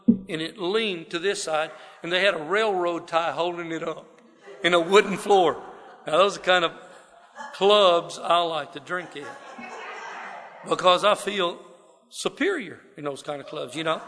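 A man's voice: high-pitched, moderate pace, sharp tone, in a large hall. A man from South Texas with a Southern drawl, telling his life story in a folksy, rambling way full of fillers. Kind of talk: personal testimony talk. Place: wooden building, to a gathered audience.

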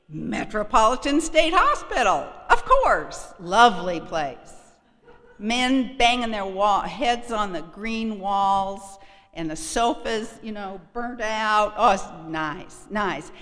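A woman's voice: medium pitch, expressive, unhurried, fairly bright tone. A woman telling a personal story to a live audience, wry, frank and confiding. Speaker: speaker sharing a recovery story. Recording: echoey hall.

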